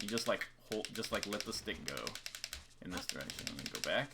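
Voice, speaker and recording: A man's voice: fairly low pitch, lively intonation, a little fast, very noisy. A man coaching a student in a live-streamed game lesson, talking casually and counting out rhythms over and over. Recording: keyboard clicks and typing behind. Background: keyboard clicks and typing.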